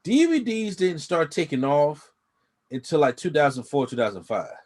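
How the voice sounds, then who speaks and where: A man's voice: a little high, big pitch swings, normal speed, a little mellow. A man co-hosting a casual review chat, rambling with slang and frequent restarts. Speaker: co-host reviewing a TV episode.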